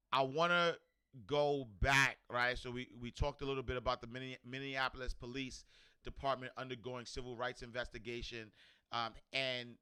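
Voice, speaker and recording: Bright, clear-voiced man rambling casually. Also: mid-range voice. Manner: rambling, many fillers and restarts; asks "right?" often. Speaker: host. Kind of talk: casual commentary.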